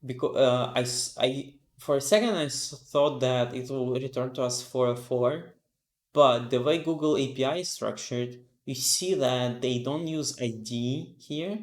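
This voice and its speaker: A man's voice: mid-range voice, measured pace, reverberant. A sleepy man live-streaming, thinking aloud with lots of fillers as he reads documentation and reacts. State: sleepy, yawning. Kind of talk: casual live-coding stream.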